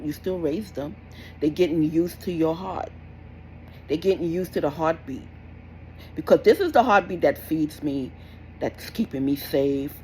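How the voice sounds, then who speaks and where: A woman's voice: sits low, darkish tone, low-quality recording. Young woman ranting blunt parenting advice, scolds and repeats herself, little hiss behind. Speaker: parenting vlogger. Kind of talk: casual advice rant to camera.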